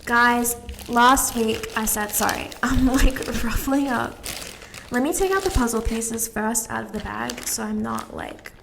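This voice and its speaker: Young woman, podcast host, slightly British, rambling and giggly, touch of vocal fry. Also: fairly high pitch, unhurried, noisy background. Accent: slightly British-sounding. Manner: chatty, rambling, giggly, talks while doing a puzzle. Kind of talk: casual solo podcast chat.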